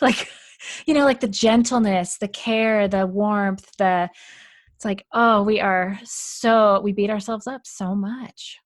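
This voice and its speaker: A woman's voice: medium pitch, steady tone, a little slow, no echo, clean studio sound. A woman hosting a podcast, asking questions and sharing thoughts in a reflective, searching way. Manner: reflective, searching, many fillers like "like". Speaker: podcast host. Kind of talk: casual interview chat.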